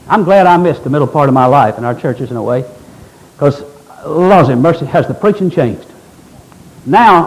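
In poor audio, a Baptist pastor with a high-sitting voice preaches a fervent, emphatic sermon. Now and then he mimics imagined objectors.

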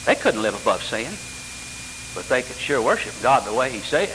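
Animated older preacher in an echoing church. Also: male voice, moderate pace. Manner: animated preaching with sudden pitch jumps and rhetorical questions. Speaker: pastor. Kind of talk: sermon. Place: church sanctuary. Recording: church hall reverb with faint hiss.

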